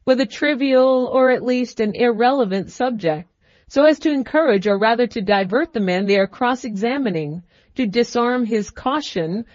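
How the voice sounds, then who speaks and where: A woman's voice: fairly high pitch, a little mellow, dry recording, muffled recording, natural voice. A woman voicing an irritable, proud young male student, with clipped, bitter speech. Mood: ironical.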